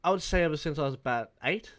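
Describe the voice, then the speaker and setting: A man's voice: fairly high pitch, fast talker, fairly bright tone. A man of about twenty with an Australian accent, telling a rambling, profane gaming story in a casual vlog. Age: around 20. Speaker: gaming YouTuber.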